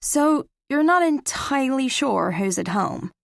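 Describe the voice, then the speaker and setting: A woman's voice: high-pitched, big pitch swings, a little slow, vocal fry, no room sound, studio quality, voice pushed up, exaggerated voice. Narrator lifting her voice into a pointed young woman. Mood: pressing. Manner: pointed, questioning. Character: sharp-tongued young woman friend, pressing. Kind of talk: audiobook character reading.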